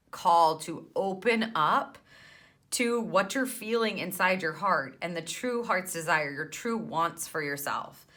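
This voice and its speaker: Bright, enthusiastic woman tarot reader. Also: lowish voice. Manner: enthusiastic, exclaiming, laughing often; chatty, with many restarts and fillers. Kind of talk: tarot reading to camera.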